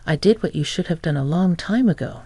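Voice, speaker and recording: A woman's voice: lowish voice, lively intonation, brisk, dark tone, slightly rough, no room sound. A woman voicing a smug, entitled middle-aged mother-in-law who speaks nonchalantly and taunts.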